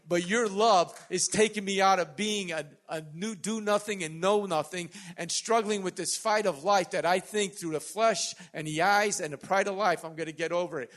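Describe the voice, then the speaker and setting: A man in his sixties preaching a sermon as pastor, swinging between loud emphatic passages and quiet joking asides to the congregation. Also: high voice.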